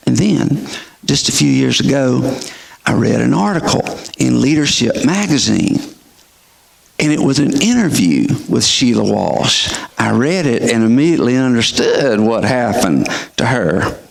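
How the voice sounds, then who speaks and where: A man's voice: fairly high pitch, vocal fry. A middle-aged male pastor who preaches a sermon and asks his listeners emphatic questions. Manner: emphatic, rhetorical questioning of the audience.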